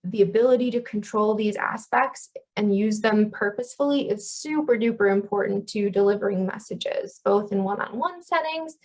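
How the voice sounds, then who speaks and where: A woman in her thirties giving a lesson on communication. Her voice carries a gravelly fry as she explains each idea clearly. She punches key terms through with lively stress. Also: mid-range voice, normal speed, hardly any pauses, rough recording. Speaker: communication instructor. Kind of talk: educational video lecture.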